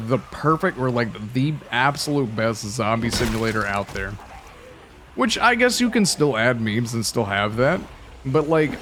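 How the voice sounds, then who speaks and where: A man's voice: mid-range voice, noisy background. A man in his late twenties chatting casually and rambling through a let's-play commentary, joking at his own expense. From United States. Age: 20s. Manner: rambling, chatty, self-mocking. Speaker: gaming YouTuber.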